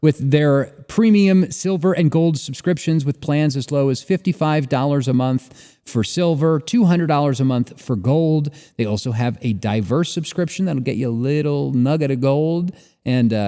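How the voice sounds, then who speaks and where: A man co-hosting a podcast, reading sponsor spots and joking in a relaxed way with fillers. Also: medium pitch, normal speed, big-room sound. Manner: lively, joking, drawls ad reads with fillers. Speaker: podcast co-host. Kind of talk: casual chat and read ads.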